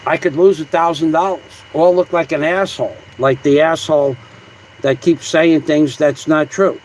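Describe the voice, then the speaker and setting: A man's voice: a little high, steady tone, normal speed, a little hiss or hum, rough recording. Rambling, combative man chatting live. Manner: rambling, combative, reads comments aloud with mock voices. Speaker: livestream host. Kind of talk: casual livestream chat reading comments.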